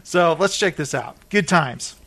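A man's voice: fairly high pitch, a little slow. A man hosting a casual chat show, animatedly retelling reality-show scenes with many fillers. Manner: animated storyteller with lots of fillers. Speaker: podcast host.

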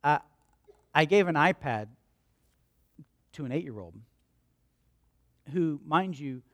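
A male pastor preaching a sermon. He repeats lines for emphasis, asks questions and answers them himself, and moves between loud emphatic peaks and quiet storytelling. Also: on the high side, animated, slow, no echo.

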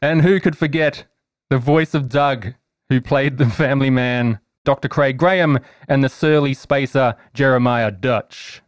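A man's voice: medium pitch, a little slow, clean tone, no room sound, studio quality. A man hosting a tabletop game podcast, upbeat and teasing in casual chat. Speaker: podcast host and game master.

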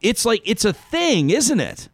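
A man hosting a talk show, telling a story in a reflective, animated way. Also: extremely high pitch, unhurried, gravelly, no echo, clean studio sound. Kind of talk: casual talk show conversation.

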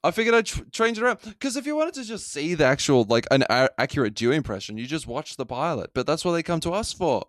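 A man co-hosts a podcast in loose, comedic chat, joking and cursing freely. His voice is mid-pitched and animated. The sound is dry and close. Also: quick pace, few pauses, dry recording. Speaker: podcast co-host.

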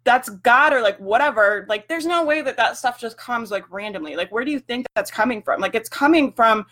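A woman's voice: a little high, animated, brisk, pushed and bright. A young woman hosting a casual livestream for business owners, talking frankly with lots of "like" fillers and the odd swear word.

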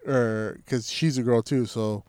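A man's voice: mid-range voice, fairly even intonation, a little slow, a little mellow, dry recording. A man co-hosting a podcast, telling a rambling, profane story in casual chat with frequent restarts. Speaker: podcast co-host.

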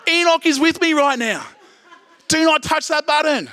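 A pastor playing an exasperated God who scolds an angel in a comic sermon story, loud and high. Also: male voice, animated, moderate pace, some chatter behind, exaggerated voice.

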